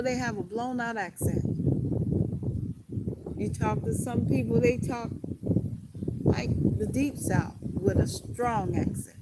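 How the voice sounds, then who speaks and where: Slow-talking woman livestreaming from the beach, lots of outdoor noise on the phone mic. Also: a little high. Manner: rambling, repeats herself, talks slowly with pauses. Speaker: live-streamer. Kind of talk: casual rambling live stream.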